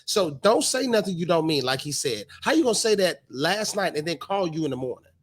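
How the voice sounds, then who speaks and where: High-pitched frank man swearing casually. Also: big pitch swings, a little fast. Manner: frank, profane, acts out quotes. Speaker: podcast co-host. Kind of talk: casual chat. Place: bar on location.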